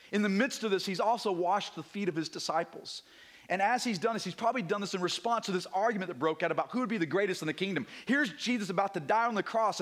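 A male pastor preaching a Sunday morning sermon, moving between hushed, intimate passages and emphatic, rising declarations. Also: high voice. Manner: swings from hushed to emphatic, repeats words when building a point.

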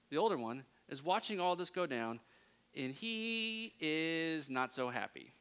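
Male preacher, sermon, bright tone, unhurried delivery, hushed to impassioned. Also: medium pitch, clear, resonant tone. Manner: swings from hushed intimacy to loud impassioned pleading.

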